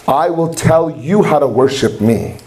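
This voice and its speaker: A man's voice: a little high, lively intonation, unhurried, dark tone. A man voicing God, speaking firmly and directly with a commanding tone. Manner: firm and direct. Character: firm, commanding divine voice.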